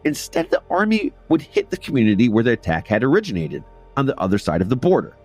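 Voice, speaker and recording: A man's voice: medium pitch, wildly swooping pitch, fast talker, darkish tone, faint music behind. A man hosting a history podcast, narrating a script with casual asides and repeating phrases for emphasis.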